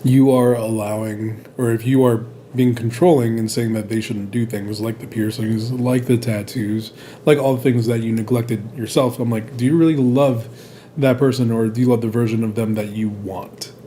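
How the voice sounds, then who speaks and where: A man's voice: mid-range voice, steady tone, moderate pace, dark tone, slight background noise. A man hosting a podcast, chatting casually, blunt and supportive, cursing freely. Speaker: podcast host. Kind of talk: casual conversation.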